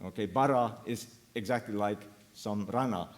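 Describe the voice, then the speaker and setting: A man's voice: lowish voice, normal speed. A man giving an academic conference talk on linguistics, hesitant and full of fillers as he thinks aloud. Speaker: linguistics lecturer. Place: university lecture room.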